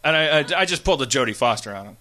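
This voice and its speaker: A man's voice: medium pitch, rapid-fire. A man hosting a comedy podcast, telling a story animatedly with lots of swearing and laughter. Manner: animated, profane, laughing while telling stories. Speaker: podcast host.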